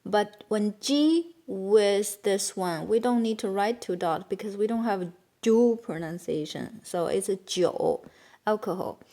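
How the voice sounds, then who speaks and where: A Chinese-accented woman teaching beginners, explaining patiently in simple English and saying words slowly and carefully. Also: medium pitch, dark tone. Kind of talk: beginner language lesson.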